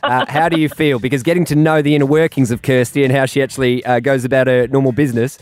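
A man's voice: medium pitch, steady tone, darkish tone, clear, resonant tone. A man with a nasal voice, hosting a radio show in a cheeky, joking way. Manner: cheeky, joking, quick-shifting. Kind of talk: casual radio chat.

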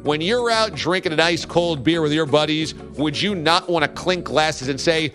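Animated male sports talk host. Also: fairly high pitch, moderate pace, soft background music. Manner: animated, emphatic storytelling with mock quotes. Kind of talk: casual sports radio banter.

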